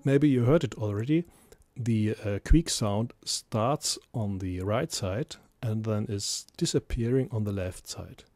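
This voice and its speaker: Slow, mellow-voiced man teaching mixing. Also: on the low side. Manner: hesitant, many fillers and restarts. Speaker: music mixing tutor. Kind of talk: screen-recorded software tutorial.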